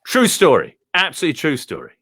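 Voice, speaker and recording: A man telling a comic story to an online group in a theatrical, animated way over a video call. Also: on the high side, fast talker, breathy edge.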